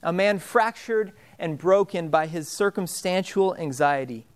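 High, smooth-voiced man preaching. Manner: conversational preaching, drops soft and slow on key phrases. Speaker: pastor. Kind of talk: sermon.

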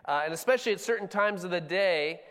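A man's voice: sits high, fast, fairly bright tone, clear, resonant tone, long reverb tail. A man from Colorado, a pastor teaching a sermon in a casual, conversational way. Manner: casual, conversational, with frequent fillers and restarts.

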